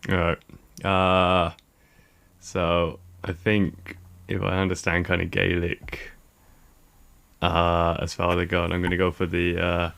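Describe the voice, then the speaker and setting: A man's voice: sits low, monotone, slow pace, gravelly, long pauses, a bit bright. A man on a podcast talking hesitantly, with many fillers. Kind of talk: casual chat.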